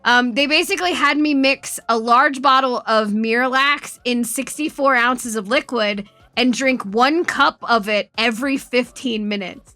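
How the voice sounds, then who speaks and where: A woman's voice: on the high side, a little slow, pushed and bright, no room sound. A woman streamer telling a story in casual chat, swearing often and laughing as she goes.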